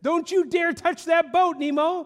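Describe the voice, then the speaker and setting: A man voicing a frantic, overprotective father clownfish who yells and pleads at his son, in an echoey hall. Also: very high-pitched, steady tone, very fast, pitched above the performer's own voice. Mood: stern scolding. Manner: yelling, panicky, pleading.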